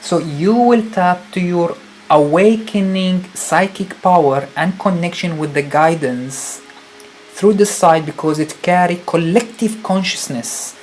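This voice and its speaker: A woman's voice: lowish voice, measured pace, a little mellow, slight background noise. A woman whose first language is Arabic, co-hosting a casual spiritual talk, enthusiastic, with emphatic repetitions and non-native phrasing. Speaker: retreat co-host.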